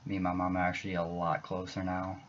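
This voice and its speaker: A young man speaks in a low, flat voice in an emotional personal vlog. He rambles earnestly and halts often, restarting his sentences. The recording sounds dull and lo-fi, with a faint hiss underneath. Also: fast talker. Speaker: YouTuber.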